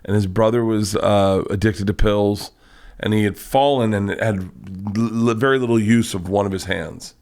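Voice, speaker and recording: A man who is a guest comedian, telling a rambling, profane story in casual chat, with quick restarts and lively retelling. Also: fairly low pitch.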